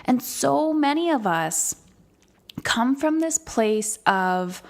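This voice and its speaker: A woman's voice: high-pitched, animated, slow pace. Candid, emphatic woman podcast host. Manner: candid, emphatic, swears freely. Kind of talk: solo podcast monologue.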